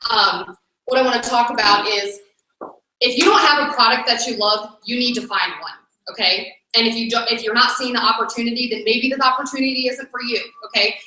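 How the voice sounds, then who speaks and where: A woman's voice: on the high side, fairly quick, slight background noise. A woman leading a team meeting, giving an upbeat motivational talk and speaking straight to the audience. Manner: upbeat, energetic, addresses the audience directly. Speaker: network marketing team leader. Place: meeting room. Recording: echoey room, mic from far off.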